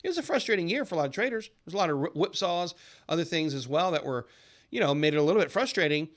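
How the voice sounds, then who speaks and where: A man hosting a trading channel, giving an upbeat, persuasive recorded lesson that shifts into a sales pitch. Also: animated, quick pace. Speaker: trading educator and channel host. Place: lives in a southern US city.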